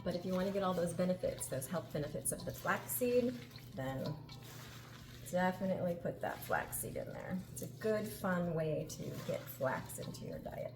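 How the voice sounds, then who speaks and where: A woman's voice: on the low side, big pitch swings, moderate pace. A middle-aged woman hosting a casual cooking demonstration in a home kitchen, upbeat and chatty, laughing often. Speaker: cooking show host. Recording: echoey kitchen with background noise.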